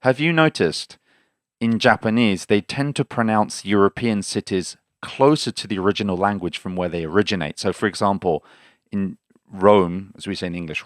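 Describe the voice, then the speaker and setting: A man's voice: low voice, no room sound, clean studio sound. A man hosting a language lesson podcast in an upbeat, jokey way, often stumbling over his words. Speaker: podcast host. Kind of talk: casual language lesson chat.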